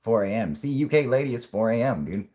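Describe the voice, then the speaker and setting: A man's voice: medium pitch, lively intonation, brisk, mellow. A man in his twenties hosting a casual livestream, stoned and rambling, swearing constantly and laughing often. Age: 20s. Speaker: channel host.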